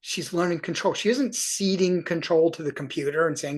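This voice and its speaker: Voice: medium pitch, lively intonation, moderate pace, darkish tone, breathy edge. Upbeat, encouraging cycling coach. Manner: enthusiastic and encouraging, loose, self-correcting. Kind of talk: coaching review, walking through workout data on screen.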